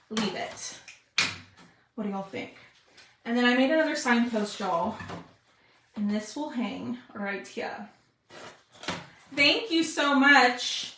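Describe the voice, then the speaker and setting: A woman's voice: fairly high pitch, pushed and bright, roomy sound, slight background noise. A woman hosting a live craft stream, chatting with viewers as she works. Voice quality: chatty, talks to viewers with "y'all". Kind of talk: casual live craft demo.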